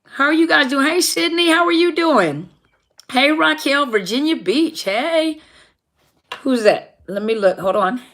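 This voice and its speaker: A woman's voice: sits high, animated, a little slow, a bit bright. A woman minister hosting a live question-and-answer stream, chatting casually and greeting viewers by name. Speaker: livestream host and minister.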